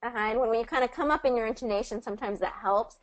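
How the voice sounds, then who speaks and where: A woman's voice: a little high, rough recording. Patient woman coaching pronunciation. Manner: patient, encouraging, models phrases slowly. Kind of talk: one-on-one online pronunciation lesson.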